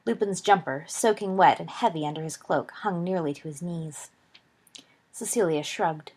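A woman reading a story aloud in a steady, expressive narration. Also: lowish voice, moderate pace, slightly rough. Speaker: audiobook reader.

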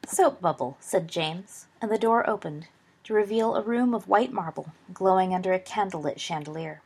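A woman reading a story aloud in a steady, expressive narration. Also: mid-range voice, slightly rough. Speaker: audiobook reader.

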